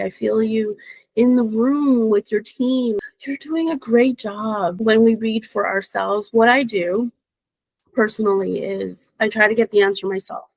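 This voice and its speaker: A woman intuitive reader in casual podcast chat, expressive and encouraging, laughing often. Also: a little high, no room sound, low-quality recording.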